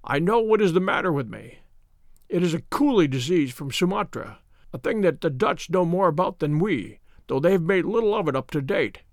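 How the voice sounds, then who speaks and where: A man performing a gravely ill detective in a storybook reading, croaking and feeble yet sharply imperious. The voice is slow and strained, with dry close sound. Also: sits high, very animated, a bit bright, dry recording, exaggerated voice. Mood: feverish commanding.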